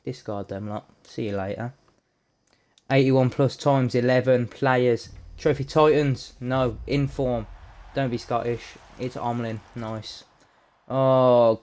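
Sweary excitable gaming lad. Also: male voice, mid-range voice, smooth. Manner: sweary, excitable, jokey banter. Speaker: gaming YouTuber. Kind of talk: live gameplay commentary.

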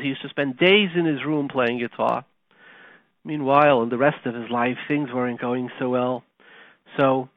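A man hosting a radio talk show, telling a story and teaching Torah, animated and conversational, dropping to quiet retellings. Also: medium pitch, no echo. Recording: tinny phone-like line, dry.

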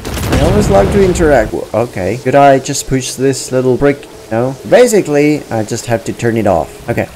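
A man's voice: mid-range voice, big pitch swings, moderate pace, noisy background. A man chatting playfully while playing a video game, with lots of exclamations and laughs. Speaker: gaming streamer. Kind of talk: let's play commentary. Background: game music.

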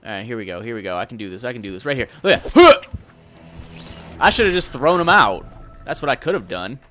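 A young man giving casual, excitable gameplay commentary, thinking aloud and swearing. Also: mid-range voice, fast talker, soft background music.

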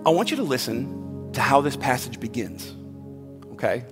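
A pastor delivering a sermon in a casual, conversational way, swinging from hushed asides to loud, emphatic points. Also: male voice, mid-range voice, sing-song, moderate pace, long pauses. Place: church sanctuary. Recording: long hall reverb, faint music behind.

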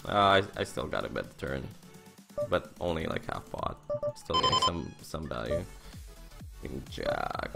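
A man's voice: a bass voice, unhurried, creaky, pauses often, loud music behind the voice. A young man in his twenties streaming poker, telling a story casually with lots of fillers and swearing. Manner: excitable storyteller, laughing. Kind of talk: casual live-stream chat while playing poker.

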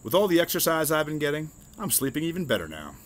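A man's voice: on the high side, very animated, fast talker, pitched above the performer's own voice. A man voicing a perky young girl bunny in a storybook reading. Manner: perky, sniffy.

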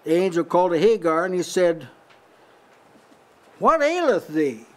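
A man's voice: sits high, sing-song, a little slow, a little mellow. An older man teaching from the Bible in a small house church, conversational, chuckling often and lifting his voice when quoting. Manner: conversational, breaks into lifted voice for quoted lines, frequent short laughs. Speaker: preacher.

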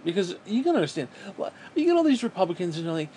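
A man's voice: high voice, sing-song, very fast, few pauses, dark tone, slight background noise. A man venting in a bitter, profane, rambling monologue to camera as a vlogger, often restarting his sentences.

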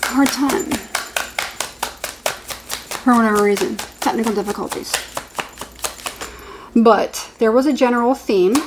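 A woman doing a casual tarot reading to camera. She is chatty and excitable and rambles with restarts. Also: on the high side, background noise. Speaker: tarot reader.

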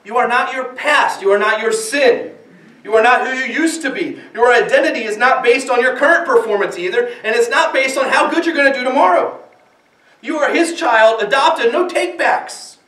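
A man with a very high voice preaches from the pulpit, stacking up rhetorical questions and repeating key phrases for weight. The sound comes from a distance in a roomy church, with a lot of echo around his words. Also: normal speed, bright, forceful tone. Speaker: pastor. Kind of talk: sermon. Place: church sanctuary.

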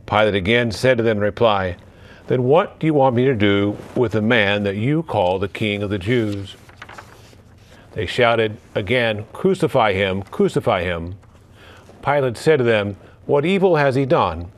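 Priest, male, lowish voice, measured Gospel reading and homily with occasional restarts. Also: expressive.

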